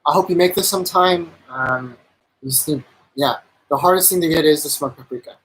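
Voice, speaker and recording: A man's voice: on the high side, fast, a bit bright, slightly rough, low-quality recording. A man casually chatting on a live stream while cooking, rambling with lots of fillers and enthusiastic about the food.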